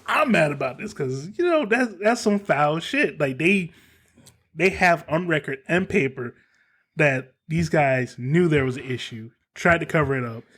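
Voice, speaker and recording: A man's voice: a little high, animated, measured pace, a bit bright. A man hosting a casual podcast, telling a story in a heated way and swearing freely. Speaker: podcast host.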